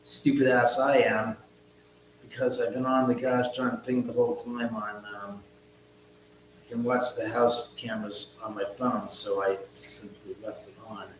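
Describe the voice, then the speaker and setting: A man's voice: mid-range voice, level tone, a little slow, fairly bright tone. A man hosting a casual livestream from his house, rambling and cursing as he chats with viewers. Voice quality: rambling, profane, chatty. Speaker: livestream host. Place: his own house, indoors. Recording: echoey room with hum.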